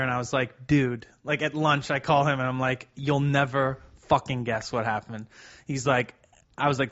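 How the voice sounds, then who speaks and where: A man co-hosting a podcast, telling a long story in a rambling, halting way and swearing freely. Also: mid-range voice, a bit bright, muffled recording. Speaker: podcast co-host. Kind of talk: casual storytelling.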